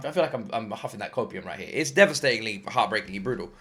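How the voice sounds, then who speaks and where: A man hosting an anime reaction video, talking in a rambling, excitable way, swearing freely and fighting off a lingering cough. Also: medium pitch, fast, few pauses. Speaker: anime reaction channel host. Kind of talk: casual reaction commentary.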